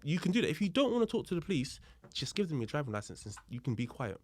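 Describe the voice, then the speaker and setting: A man, a police officer as a guest, telling a story in a casual, animated way, acting out the dialogue and explaining the law as he goes. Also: a little high, fast.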